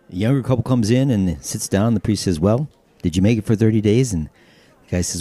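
A man hosting his own podcast, telling jokes casually and popping into character voices and shouted punchlines. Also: sits low, expressive, normal speed, breathy edge, no echo. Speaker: podcast host.

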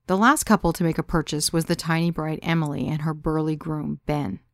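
A woman's voice: deep voice, fairly even intonation, brisk, no echo, studio quality. A woman narrating her own story in the first person, in a wry, confiding way.

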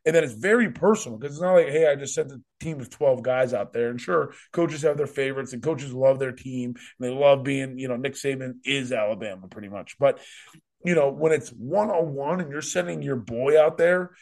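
A man's voice: mid-range voice, brisk, gravelly, darkish tone. A man hosting a podcast, rambling emphatically and repeating himself in casual chat. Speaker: podcast host.

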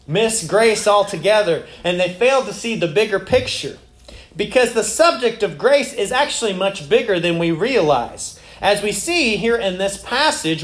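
A man's voice: high voice, reverberant. A man preaching a sermon as pastor, talking in a loose, conversational way and turning to ask the congregation questions.

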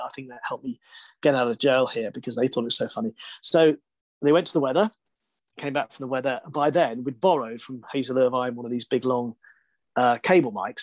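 A man, a broadcaster and interview guest, tells a story in a lively, self-deprecating way and laughs often. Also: medium pitch, breathy edge, no room sound.

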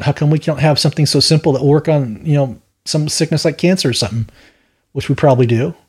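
Brief: male Bible study host, husky, slightly high voice, rambling and opinionated, repeats his words. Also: darkish tone. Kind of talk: verse-by-verse Bible teaching.

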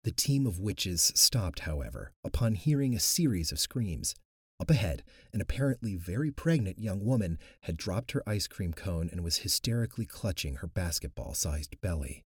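A man narrating an audiobook in an expressive, animated way, close to the mic. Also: low voice, moderate pace, husky, no echo.

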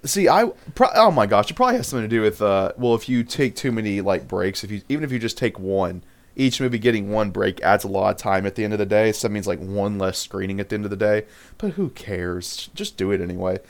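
A man's voice: fairly low pitch, fast talker. Chatty man co-hosting a podcast. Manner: animated, rambling, laughs easily. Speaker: podcast co-host. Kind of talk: casual chat.

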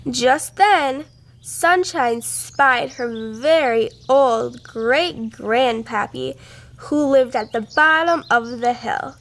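A woman reading a children's storybook aloud in a gentle, unhurried way. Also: a little high.

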